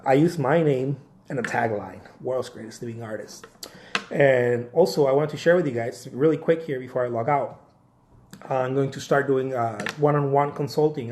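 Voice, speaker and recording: A male artist talking straight to his viewers in a loose, unscripted pep talk. His voice sits at a middle pitch, and he repeats phrases, trails off and keeps checking in with "right?" and "you know?". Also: a little hiss or hum. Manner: animated, repeats phrases, asks "right?" often. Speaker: artist giving career advice. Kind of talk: casual motivational live talk.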